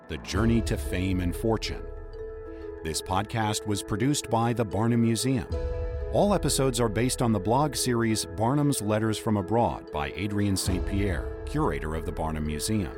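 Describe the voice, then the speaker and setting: A man's voice: lowish voice, expressive, normal speed, over music. A man narrating a history podcast in a scripted, explanatory storytelling manner.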